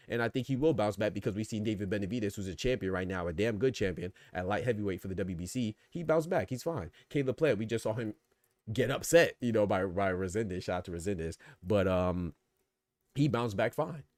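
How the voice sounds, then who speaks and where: A man with a low voice talks quickly as a boxing podcast host, with energy and a string of rhetorical questions. The sound is dry and close, with no room echo. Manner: animated, rhetorical questions, reads chat comments. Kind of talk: casual live-stream commentary.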